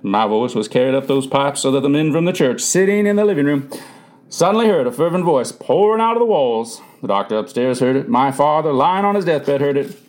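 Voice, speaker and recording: Male audiobook narrator, earnest first-person storyteller, lively pitch. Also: brisk. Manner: earnest, raises pitch for quoted voices.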